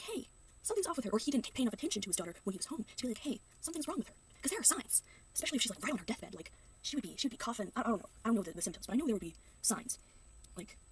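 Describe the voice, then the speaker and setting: A woman's voice: mid-range voice, far from the mic, slight background noise. A young woman reacting to a video in casual commentary, ranting sarcastically and slipping into mocking voices. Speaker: reaction youtuber.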